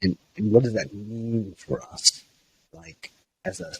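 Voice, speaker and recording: A man's voice: medium pitch, lively intonation, takes it slowly, gravelly, slight background noise. A man who is a minister, talking in a reflective interview, hesitant and thoughtful, with frequent restarts and fillers.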